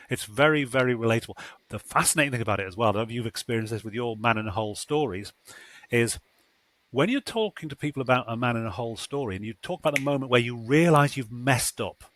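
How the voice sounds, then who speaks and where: A man hosting a casual conversation, animated and acting out reactions with exclamations as he explains. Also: medium pitch, no echo. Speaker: host.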